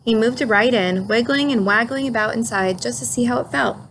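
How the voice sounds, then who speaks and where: Woman calmly reading a picture book. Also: a little high, moderate pace, slight background noise. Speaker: storybook reader.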